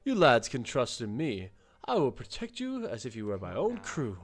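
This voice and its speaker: A man's voice: medium pitch, wildly swooping pitch, moderate pace. A man doing a swaggering sea captain. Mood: boastful. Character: boastful male sea captain, brash and protective.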